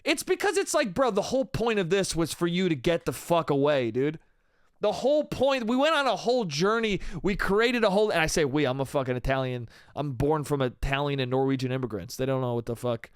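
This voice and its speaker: A man's voice: fairly high pitch, animated, a little fast, smooth, dry recording, clean studio sound. An American man hosting a solo comedy podcast, ranting in a profane, rambling way and saying "dude" constantly. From United States. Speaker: podcast host.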